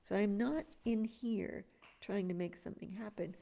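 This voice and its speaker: A woman spiritual teacher giving an expressive energy-work talk to an online group, dropping to a breathy whisper in places. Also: medium pitch, normal speed.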